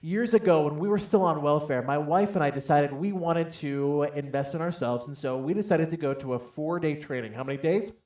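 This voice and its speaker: A man giving a motivational talk from a stage to a live audience, telling a personal story with lively acted-out dialogue and calling on the crowd to answer. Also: a little high, brisk, few pauses, roomy sound. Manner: animated storytelling, acts out dialogue loudly, calls for audience responses. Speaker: motivational speaker. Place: large hall on stage.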